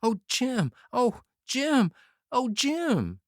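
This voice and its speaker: A man's voice: very high-pitched, wildly swooping pitch, drawn-out words, no echo, clean studio sound, voice pushed up, exaggerated voice. A man voicing a panicked young Union private who cries out and stammers in horror. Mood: horrified.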